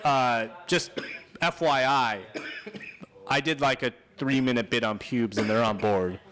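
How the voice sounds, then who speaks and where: A man's voice: mid-range voice, measured pace, fairly bright tone. A man chatting loosely with fellow comedians, rambling and laughing often. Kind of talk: casual banter.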